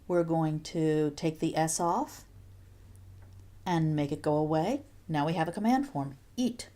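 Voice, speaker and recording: A woman teaching a recorded video lesson, walking through each step patiently and clearly, with the odd playful aside. Her voice sits a little low and sounds mellow and soft-edged. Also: measured pace. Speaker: Spanish teacher.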